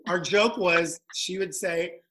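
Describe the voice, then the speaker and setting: A man's voice: high-pitched, takes it slowly, slight background noise. A man around sixty from South Texas, a guest telling old stories and acting out the voices of people in them. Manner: lively storyteller who acts out quotes. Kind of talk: anecdotal storytelling.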